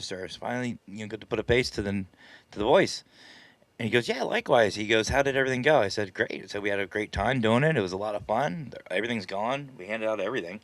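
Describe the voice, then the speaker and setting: A man's voice: fairly low pitch, no echo. A man hosting a live stream, casually telling a story in a chatty, self-deprecating way and laughing often. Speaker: paranormal team leader and live stream host.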